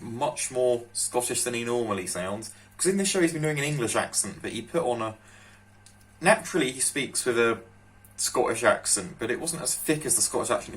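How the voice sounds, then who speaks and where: A man's voice: mid-range voice, a bit bright. A man hosting a reaction video, chatting casually and rambling with fillers and restarts as he watches a TV episode.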